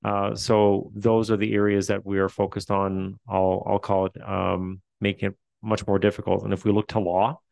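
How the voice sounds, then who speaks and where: A man's voice: on the low side, level tone, normal speed, gravelly, hardly any pauses, darkish tone, no echo. A man with a Newfoundland accent, a facilities administrator answering questions at a meeting, hesitant with many fillers and restarts.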